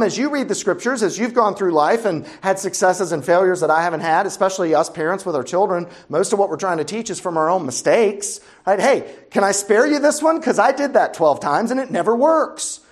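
A middle-aged man preaching a sermon as a pastor, in a conversational, wry, humorous way and throwing rhetorical questions at his listeners. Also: high-pitched.

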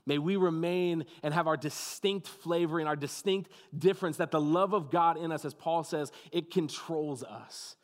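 A male pastor with a slightly high voice gives a sermon in a space with a long reverb tail. He tells the story with dramatic pauses, dropping into a hushed, soft voice.

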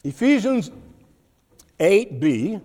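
A man preaching an expository sermon, teaching deliberately with occasional restarts and fillers. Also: sits high, very animated, darkish tone. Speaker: pastor. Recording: long hall reverb.

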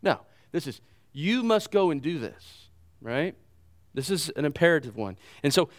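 A middle-aged man preaching a sermon as pastor, animated, with loud bursts and repeated words. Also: fairly high pitch, moderate pace.

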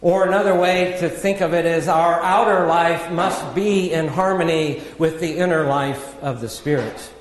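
A man preaching a sermon in a measured, earnest teaching manner, with self-deprecating asides. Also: a little high. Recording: echoey hall with long reverb.

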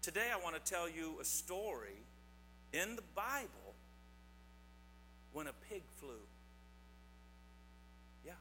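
A playful pastor with a high, sharply bright voice tells corny jokes to children and teases his listeners at an easy, unhurried pace. His voice carries a long church reverb, with a faint mains hum beneath it. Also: big pitch swings. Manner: playful, teasing, quizzes the audience. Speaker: pastor giving a children's message. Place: church sanctuary.

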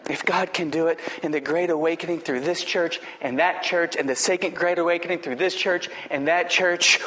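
A man pastor delivering an impassioned sermon, slowing down for emphasis and dropping to a hushed tone in prayer. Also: a little high, steady tone. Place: church sanctuary. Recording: echoey hall, faint noise.

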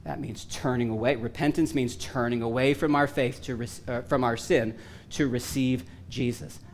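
A man preaching a sermon, earnest and emphatic with touches of self-deprecating humor, his voice going hoarse. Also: medium pitch, fairly even intonation, normal speed, slight background noise. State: losing his voice.

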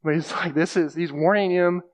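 A man preaching in a relaxed, conversational way, with a voice pitched a bit high for a man. He walks through scripture plainly, circles back on key phrases and reaches for everyday examples. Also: moderate pace. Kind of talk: conversational sermon.

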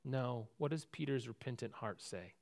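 A man preaching a sermon, telling a Bible story with big swings between loud and hushed, often repeating words and restarting sentences. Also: mid-range voice, expressive, normal speed, vocal fry. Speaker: pastor.

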